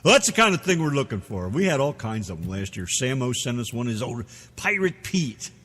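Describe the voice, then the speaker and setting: A man's voice: medium pitch, very animated, brisk, a bit bright, long reverb tail, a little hiss or hum. A man hosting an internet radio show in loose, rambling, profane banter.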